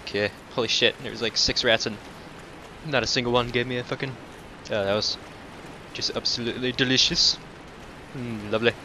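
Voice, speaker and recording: A man doing casual let's-play commentary, cursing and taunting enemies, dropping to mutters and then breaking into loud outbursts. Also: medium pitch, steady tone, normal speed, a little hiss or hum. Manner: profane, talks back to enemies, swings between mutters and outbursts. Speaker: gameplay commentator.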